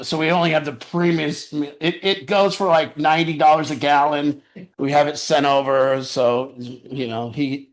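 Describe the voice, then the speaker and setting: A man's voice: a little high, fairly bright tone. A man telling a personal story in a casual, rambling way. He often restarts his sentences and laughs as he talks. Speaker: storyteller sharing a personal account.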